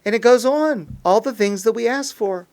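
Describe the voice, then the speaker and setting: A man speaking as a rabbi in a recorded talk, earnest, reading Hebrew phrases slowly and translating them, rising to an intense pleading tone at times. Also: extremely high pitch, a little mellow. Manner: earnest, rises to an intense pleading tone when quoting prayer.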